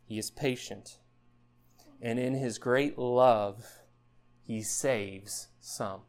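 A man preaching a sermon in an earnest style, building up loud passages and then dropping low and quiet. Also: fairly even intonation, drawn-out words. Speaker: pastor.

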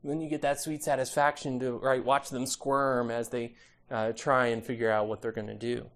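A man's voice: mid-range voice, level tone, moderate pace. A male pastor preaching an expository sermon, emphatic and repetitive, often adding "right?".

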